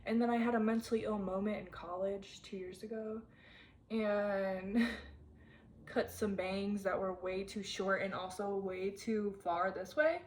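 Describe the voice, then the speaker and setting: With slight background noise behind her, a woman in her twenties speaks a little slowly in a mid-range voice. She's a vlogger rambling through a candid confessional chat to camera, full of fillers and frequent "like."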